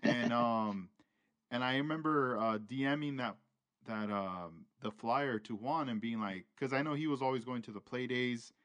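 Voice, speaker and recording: A man hosting a casual chat, relaxed and slangy, recalling how he first met his guest. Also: mid-range voice, normal speed, no room sound. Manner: laid-back, slangy.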